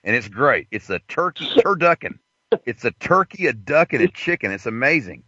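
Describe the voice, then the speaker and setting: Lively, crude male show host. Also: medium pitch, moderate pace, husky, no room sound, lo-fi sound. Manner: crude, excitable, laughing storyteller. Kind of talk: casual chat.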